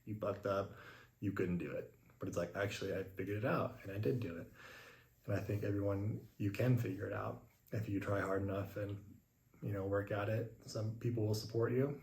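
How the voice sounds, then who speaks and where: A young man hosting a podcast, telling a story in a casual, animated way and filling his talk with "like". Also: on the low side, fairly quick, creaky, slight background noise. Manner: casual, lots of "like" fillers; animated retelling, acts out his own past lines. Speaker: podcast host. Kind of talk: storytelling monologue. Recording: roomy echo.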